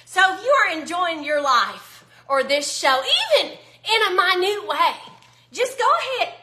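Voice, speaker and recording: A woman's voice: very high-pitched, sing-song, normal speed, sharp tone, roomy sound. A woman with a Southern US accent chatting to her viewers as she cooks at home, folksy and teasing herself, in her thirties. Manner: folksy, self-teasing, talks straight to viewers. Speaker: home cooking vlogger. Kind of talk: chatty cooking vlog. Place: home kitchen.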